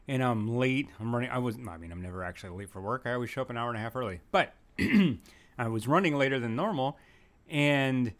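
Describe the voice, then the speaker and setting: Young male podcast host, solo monologue, mid-pitched, rambling, self-deprecating, earnest. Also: quick pace, a bit bright. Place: home room with an open window. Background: occasional breeze from an open window.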